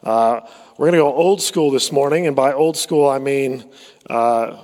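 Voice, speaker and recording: A man's voice: medium pitch, measured pace, darkish tone. A man preaching a sermon, conversational and full of stories, with frequent fillers and repeated words. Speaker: pastor. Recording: long hall reverb.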